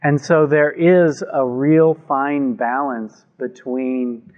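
A man giving a calm, measured talk on meditation to a group, speaking into a microphone. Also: mid-range voice, highs cut off. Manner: calm, measured, gently reflective. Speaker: meditation teacher. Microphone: microphone before a group.

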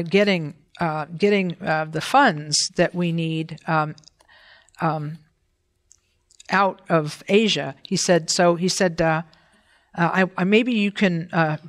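An older woman giving a casual dharma talk as teacher, chatty and animated with many hesitations. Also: fairly low pitch.

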